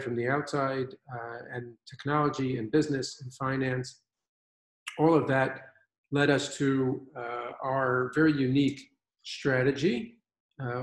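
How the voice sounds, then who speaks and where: A man's voice: medium pitch, echoey room, low-quality recording. A man presenting his wine fund on a video call from his own winery, upbeat and confident. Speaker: fund managing partner presenting.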